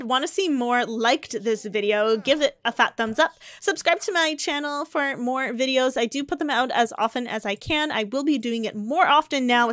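A woman's voice: fairly high pitch, fairly bright tone, no room sound. A young woman casually narrating a life-sim game story, chatty and rambling with lots of fillers. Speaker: let's play narrator.

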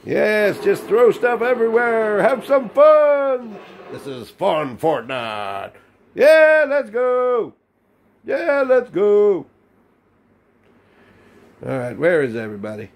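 A man's voice: high voice, very animated, slow pace. An Australian man giving playful, chuckling commentary over his own gameplay. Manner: playful, chuckling, sing-song exclamations. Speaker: gaming channel host.

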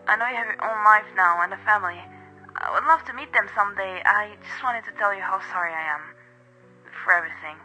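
A man's voice: high-pitched, fairly quick, bright, forceful tone, faint music behind, poor audio. A man voicing a remorseful middle-aged mother who pleads tearfully down the phone, in a told horror story. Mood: pleading. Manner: pleading, distraught. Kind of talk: storytelling narration.

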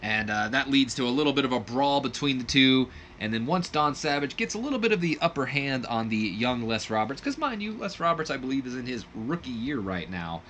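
Bright-voiced man narrating a game. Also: medium pitch, sing-song, a little fast, hardly any pauses, a little hiss or hum. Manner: rambling, self-correcting, chuckling. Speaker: game commentator. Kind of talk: let's play narration.

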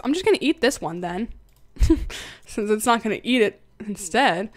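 A woman's voice: medium pitch, very animated, measured pace. A young woman livestreaming a game, chatting casually, thinking aloud and giggling often as she reads her chat.

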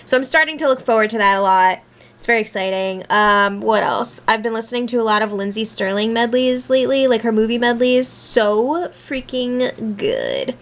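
Brief: woman vlogger, slightly high voice, upbeat and rambling. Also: sing-song, normal speed. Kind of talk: casual vlog chat.

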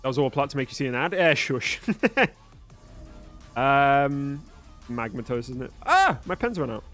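A man's voice: medium pitch, moderate pace, a bit bright, faint music behind. A young man chatting live with his viewers while gaming, joking and swearing freely. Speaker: livestreamer. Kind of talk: live gaming stream chat.

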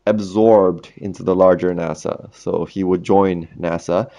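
A man's voice: low-pitched, steady tone, measured pace, creaky, mellow, muffled recording. A man hosting a history podcast in a casual monologue, jokey and chatty, laughing at his own puns. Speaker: podcast host.

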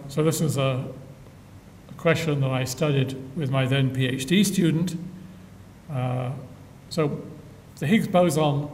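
An older man giving a public science lecture with dry humor and frequent filler pauses, recorded in a lecture hall from a distance. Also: darkish tone. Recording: echoey hall from far off, faint rumble.

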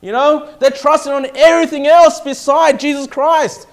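High-voiced pastor preaching. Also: male voice, level tone, normal speed. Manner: emphatic, checks in with "okay?" and "all right?". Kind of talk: sermon.

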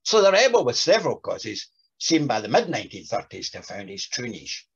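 Male lecturer, very husky and gravelly, lively pitch, dull lo-fi sound. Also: fairly quick. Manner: reads quotes with lively voices. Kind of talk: talk with dramatic readings.

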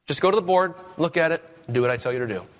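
A man's voice: fairly high pitch, lively intonation, very fast. A man preaching a sermon as pastor, with emphatic, rising questions.

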